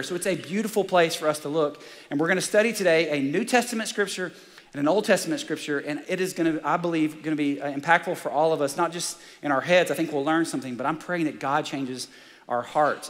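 Energetic male pastor, slightly high-pitched, live sermon in a reverberant church hall. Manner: energetic and excitable, fired up. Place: large church auditorium.

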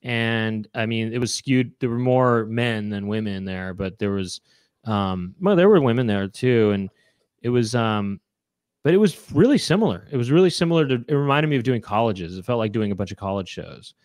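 A man's voice: on the low side, lively intonation, moderate pace, a little mellow, no echo. A man, a comedian hosting a show, chatting casually in a rambling, jokey way. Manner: rambling, lots of fillers and restarts, jokey. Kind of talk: casual chat.

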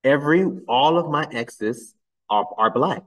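A man's voice: expressive, measured pace, fairly bright tone, far from the mic, rough recording. Blunt exasperated man, a bit off-mic. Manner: blunt and exasperated, climbing higher when incredulous. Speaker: commentary channel host. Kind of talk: casual reaction commentary.

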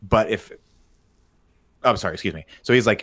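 A man's voice: lowish voice, normal speed, long pauses, fairly bright tone. A man hosting a casual movie review podcast, recapping scenes with jokey paraphrased quotes. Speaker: podcast host.

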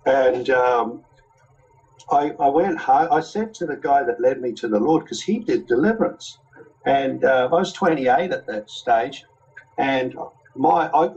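A man who leads a deliverance ministry, telling his personal testimony in a vivid, excited way. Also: mid-range voice, unhurried, breathy edge. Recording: dull lo-fi recording.

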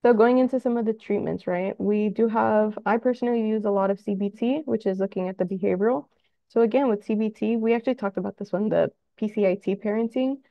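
A woman's voice: mid-range voice, quick pace, gravelly, dry recording, highs cut off. A woman therapist giving a conversational talk to parents, acting out little scenes with children as she explains. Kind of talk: presentation to parents.

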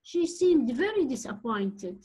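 A woman's voice: high voice, sing-song, unhurried, warm tone, husky, low-quality recording. A young woman whose first language is Arabic, a teacher reading a picture book aloud and stopping to explain the pictures.

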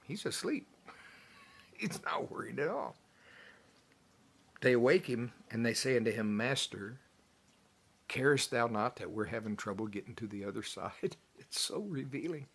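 A pastor preaching a folksy, animated sermon, chuckling as he talks it through. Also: medium pitch, a little slow, creaky, long pauses, breathy edge. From United States. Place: church.

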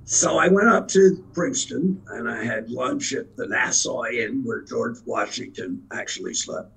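Older male interview guest in his eighties, raspy and gravelly, mid-pitched, an anecdotal storyteller. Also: measured pace, fairly bright tone, rough recording. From Philadelphia area, USA. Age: 80s. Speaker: interview guest, veteran actor.

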